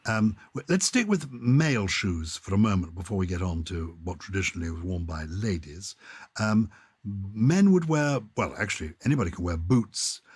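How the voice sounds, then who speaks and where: A man's voice: lowish voice, a little mellow, slightly rough, no room sound. An older man, co-hosting a chatty podcast about words, talking with enthusiasm and frequent restarts. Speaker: podcast co-host. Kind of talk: casual conversation about words.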